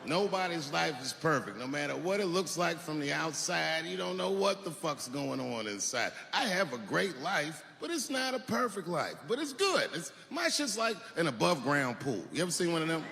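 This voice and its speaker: Brief: high-voiced male comic, profane, shouty peaks, big hall reverb. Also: very animated, moderate pace, gravelly, hardly any pauses. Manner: profane, swings from muttering to shouting. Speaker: stand-up comedian. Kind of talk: stand-up comedy. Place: stage before a live audience. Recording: long hall reverb, noisy live room.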